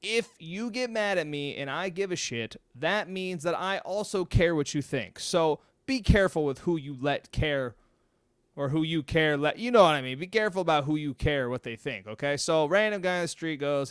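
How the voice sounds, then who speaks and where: A man's voice: fairly high pitch, expressive, normal speed, fairly bright tone, smooth, no room sound, studio quality. A man talking casually to camera at home. He is blunt and chatty, checks in with "okay?" and swears now and then. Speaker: mental health video host. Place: home room.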